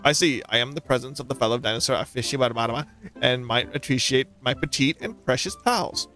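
A man's voice: mid-range voice, brisk, bright, forceful tone, soft background music, close to an everyday voice. A man reading aloud the lines of a flamboyant male traveling performer in a video game, with a grand, theatrical delivery. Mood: grandiose.

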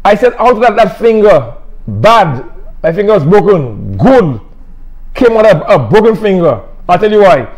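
High-voiced Saint Lucian preacher. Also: male voice, very animated, normal speed. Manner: emphatic, repetitive, plain-spoken. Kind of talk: sermon.

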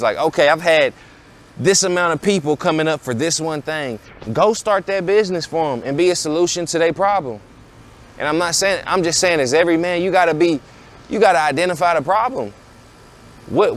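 A man around thirty, hosting a podcast and giving blunt, preachy life advice in a casual monologue that keeps circling back to rhetorical questions. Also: on the high side. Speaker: podcast host.

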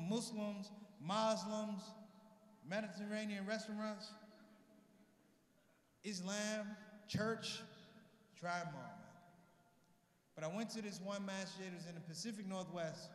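A man doing stand-up comedy, telling a story and acting out both sides of a conversation. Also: high voice. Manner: animated storyteller, acts out both sides of dialogue. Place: large convention hall, live audience. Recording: echoey hall with long reverb.

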